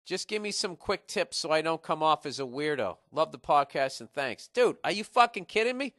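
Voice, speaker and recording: A man in his forties hosts a podcast, ranting blunt, profane advice with lots of restarts. His voice is bright and a little high, with a sharp edge. The room sound is dry and close. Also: very animated, moderate pace, dry recording. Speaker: podcast host. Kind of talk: casual comedic advice rant.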